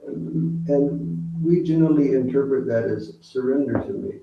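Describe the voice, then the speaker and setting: A man giving an evening spiritual talk as a guru, gentle and unhurried, often pausing and quoting scripture to a gathered audience. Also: mid-range voice, gravelly. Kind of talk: sermon. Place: hall during an evening program. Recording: roomy, distant, dull lo-fi recording with faint noise.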